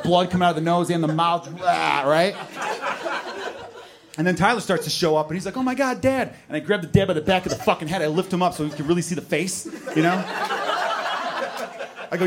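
A man with a slightly raised pitch rattles through his stand-up material at speed, blunt and building momentum as he goes. The delivery feels brash and conversational. A noisy live room hums underneath. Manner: brisk, blunt, escalating storytelling. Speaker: stand-up comedian. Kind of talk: stand-up comedy set.

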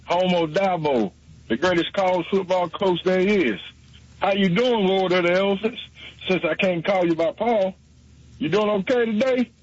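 High-voiced husky man teasing on a call. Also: moderate pace, no room sound. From South Carolina. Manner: teasing, joking, roasting the host. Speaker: caller. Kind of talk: call-in radio banter. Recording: dull lo-fi phone call audio.

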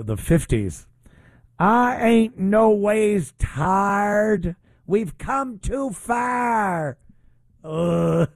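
A man's voice: medium pitch, warm tone, dry recording. A man hosting his own commentary show, talking in a sarcastic, mocking way. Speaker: podcast host. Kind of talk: opinionated commentary.

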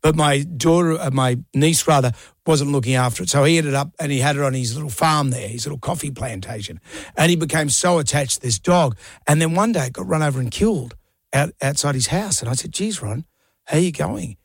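A man's voice: a little high, fairly quick, no room sound, studio quality. A man co-hosting a radio show, supportive and jokey, telling anecdotes. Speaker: radio co-host. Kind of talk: casual on-air chat.

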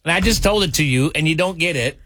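A male morning radio host in a dry, close-miked studio, chatting casually and then telling a joke. He acts out a gruff bartender and brings the characters to life. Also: on the high side, expressive, fast talker, a bit bright, no echo. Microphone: studio mic.

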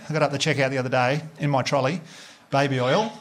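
A man's voice: mid-range voice, steady tone, fast, noisy background. An Australian man doing a stand-up comedy set, chatty and sweary, acting out bits of dialogue with the crowd. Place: comedy venue with live audience.

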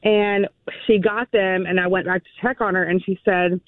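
A woman calling in to a radio show, telling a story from work in a halting way with lots of fillers. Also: mid-range voice, fairly even intonation, dry recording. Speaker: caller. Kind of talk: casual phone call. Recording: tinny phone line.

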